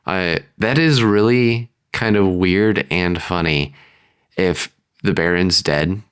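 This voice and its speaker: A man with a deep, clean, resonant voice brainstorms a story plot in casual podcast chat. He thinks out loud and slips into quick voices for the characters. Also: smooth. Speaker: podcast co-host.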